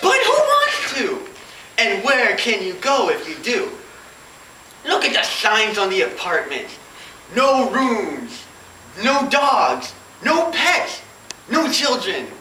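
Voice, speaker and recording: A woman's voice: on the high side, wildly swooping pitch, takes it slowly, bright, forceful tone, reverberant, distant mic, a little hiss or hum, low-quality recording. A woman delivering a comic competition speech in mock-grand oratory. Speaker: competition speaker.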